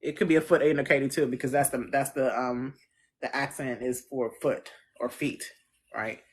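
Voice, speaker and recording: Astrologer, casual live stream, slangy, laughing, middle pitch, phone mic. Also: steady tone, moderate pace, slightly rough. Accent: Central US. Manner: chatty, answers viewer comments; loose slangy speech, laughs often. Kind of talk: casual livestream chat.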